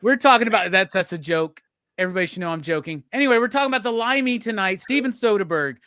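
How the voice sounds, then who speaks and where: A man's voice: high-pitched, animated, fast talker, sharp tone, clean tone, no echo. A man hosting a movie review panel, brash and joking, swearing freely. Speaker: host. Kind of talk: casual movie review chat.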